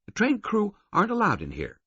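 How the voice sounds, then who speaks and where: A bossy woman of about forty who gives orders bluntly, put on by a male reader in a raised voice. Her lines come out flat and commanding, with a husky edge. The audiobook sound is dull and dry. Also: high-pitched, a little fast, no echo, pitched above the performer's own voice, full character voice. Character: stern, bossy woman of about forty guarding the horse car.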